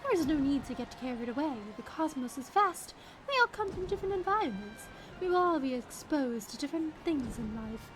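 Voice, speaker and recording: A suave male galactic superstar speaks with smooth, formal politeness and modest grace. A woman acts him out, keeping the voice high and animated. The home stream mic carries a steady hiss of background noise. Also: a little fast. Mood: gracious.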